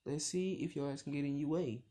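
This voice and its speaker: A man voicing a brash, foul-mouthed young hero boy in a casual retelling, with a gravelly voice and crude trash talk. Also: fairly high pitch, a little fast, mellow, pitched above the performer's own voice, natural voice. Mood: defiant.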